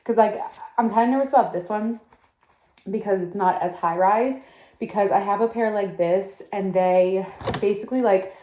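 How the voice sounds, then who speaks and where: A young woman in her twenties, her voice mid-range and mellow, chats to camera for her vlog while out of breath. She's chatty and says "like" constantly.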